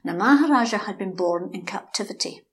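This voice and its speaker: A woman telling a local story in a lively, animated way, acting out the characters. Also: mid-range voice, a little fast. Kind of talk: anecdotal storytelling.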